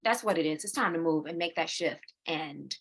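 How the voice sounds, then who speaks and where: A woman in her forties co-hosting a casual chat, animated, laughing often and repeating herself as she talks. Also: sits low, normal speed. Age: 40s. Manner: slips into quoting her own inner voice. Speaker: co-host.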